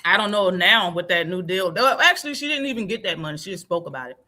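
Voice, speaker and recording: A woman hosting a casual live talk stream, blunt and animated, laughing often. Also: lowish voice, fast talker. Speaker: stream host. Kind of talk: casual chat.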